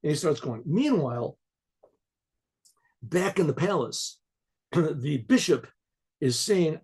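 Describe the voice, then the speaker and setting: High, gravelly rabbi telling a story. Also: male voice, animated, slow pace, long pauses, darkish tone. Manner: frequent throat clearing, repetitions.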